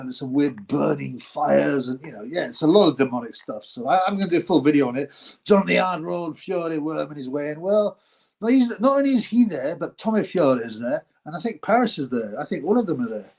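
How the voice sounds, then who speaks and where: A middle-aged Englishman hosts a loose live stream, reading out viewer comments and rambling from one thought to the next. His voice sits a little high and carries a gravelly rasp. He laughs often and sometimes drops into mock announcer voices. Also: lively intonation, a little fast, darkish tone.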